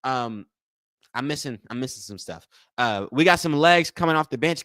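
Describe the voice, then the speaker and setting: A man's voice: a little high, moderate pace, fairly bright tone, no echo. Man, live stream host, casual play-by-play, repeats himself, says y'all, dry close sound. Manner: repetitive, addresses chat as y'all, thanks donors. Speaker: livestream host. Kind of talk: casual live play-by-play watch-along commentary.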